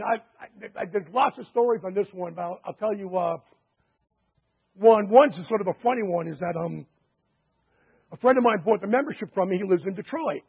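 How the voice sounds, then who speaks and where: A man pitching a membership through chatty anecdotes full of quoted dialogue and fillers, in a dull lo-fi recording. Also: slightly rough. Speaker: sales presenter. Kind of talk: sales pitch storytelling.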